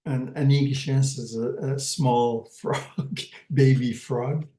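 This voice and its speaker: A man teaching a language class slowly and patiently, pausing often and repeating words as he explains them. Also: medium pitch, level tone, mellow. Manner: hesitant, many pauses and fillers, repeats words. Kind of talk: slow, patient language lesson. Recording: roomy echo.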